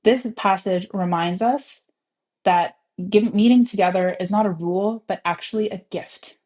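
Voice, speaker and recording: A woman's voice: medium pitch, mellow. A woman with a Canadian English accent giving an earnest, encouraging devotional message and prayer at a church service. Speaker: speaker giving the opening devotional.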